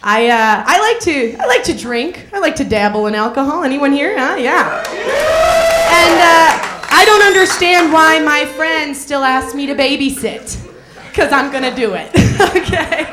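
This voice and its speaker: A woman's voice: high-pitched, very animated, a little slow, echoey room, over a noisy crowd, very noisy. A young woman from Minnesota doing a stand-up comedy set on a club stage, sardonic and playful, laughing at her own jokes.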